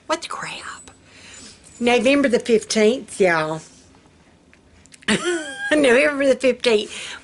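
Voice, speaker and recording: An older woman talks to her viewers in a slow, easy drawl. Her voice is bright and swoops up and down as she giggles through her homey stories. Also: a little high, a little hiss or hum. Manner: giggly, folksy, laughs often at her own jokes. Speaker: vlogger. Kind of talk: casual chat to camera.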